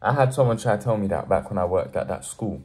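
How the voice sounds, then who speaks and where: A young motivational vlogger talks to the camera at a quick pace, his fairly low, dark voice lively in intonation. He earnestly preaches hard work and builds to emphatic pushes.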